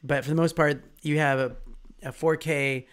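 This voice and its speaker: Relaxed rambling man co-hosting a live stream. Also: fairly high pitch, moderate pace, clean tone. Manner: relaxed, rambling, chuckles while explaining. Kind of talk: casual live-stream chat.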